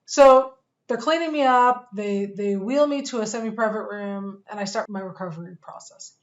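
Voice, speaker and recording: A woman teaching a course for fitness coaches, telling a personal story in an earnest, measured way with pauses. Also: medium pitch, lo-fi sound.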